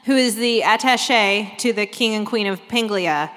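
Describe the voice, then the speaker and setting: A woman's voice: mid-range voice, fairly bright tone. A woman co-hosting a live comedy podcast on stage, talking wryly about a movie and laughing often. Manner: laughing, quick wry commentary. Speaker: co-host. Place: stage before a live audience. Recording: live stage recording with long hall reverb.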